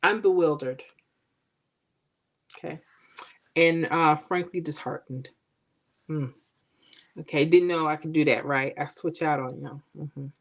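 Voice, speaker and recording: A woman hosting a casual livestream, chatting with viewers and teasing them in a playful, animated way. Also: sits low, measured pace, pauses often. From Florida. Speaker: livestream host. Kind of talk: casual chat with live viewers.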